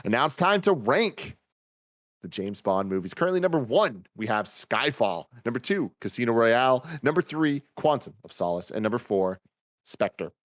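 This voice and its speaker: Hyped guy hosting a movie review chat, dry close sound, reads listener stuff out loud. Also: mid-range voice, big pitch swings, moderate pace, dry recording. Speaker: podcast host.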